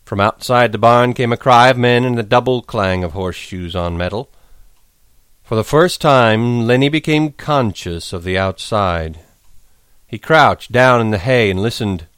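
A man reading a novel aloud with steady, dramatic storytelling. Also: mid-range voice, unhurried, clean tone, dry recording. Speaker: narrator.

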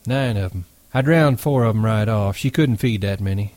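A man reading aloud and voicing a dignified, unhurried ranch hand who speaks matter-of-factly. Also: lowish voice, no echo, lightly acted. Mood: calm. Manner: calm, matter-of-fact.

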